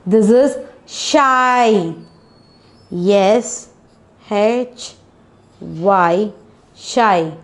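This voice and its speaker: A woman teaches a phonics class at a very slow, deliberate pace. She spells each word out letter by letter and says it again and again for young learners. Her pitch sits in the middle for a woman.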